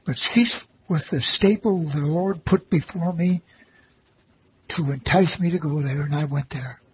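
Speaking at a measured pace in a fairly high pitch, a man recounts his personal testimony of faith from volunteering to read the Bible to elderly residents. His tone is reverent and earnest, with repeated phrases for emphasis. There's a little hiss or hum, and the lo-fi recording is slightly dull with faint ambience.

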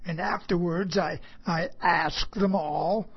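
A preacher unhurriedly tells a story from the pulpit, leaning on repeated phrases for emphasis. The voice has a husky, breathy edge. It comes through a dull, lo-fi recording. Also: mid-range voice, fairly even intonation, takes it slowly. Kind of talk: sermon told as a personal story.

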